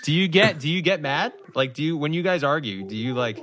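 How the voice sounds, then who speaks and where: Bright-voiced man chatting on a video call. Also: a little high, a little fast, slight background noise. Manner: animated storyteller, acts out his own lines. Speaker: podcast co-host. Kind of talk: casual chat over video call.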